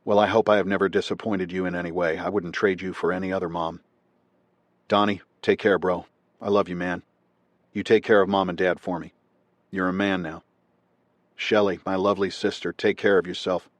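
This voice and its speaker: A man's voice: low voice, level tone, brisk, dry recording, lightly acted. A man reading as an earnest young Marine writing home. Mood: tender. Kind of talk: scripted nonfiction narration.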